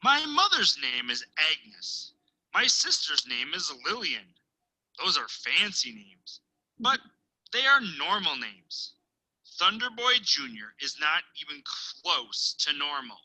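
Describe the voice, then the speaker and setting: A teacher reads a picture book aloud to children in a bright, keen woman's voice. Her pitch swoops up and down as she tells the story, and she drops into hushed asides and dramatic pauses. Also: very animated, poor audio.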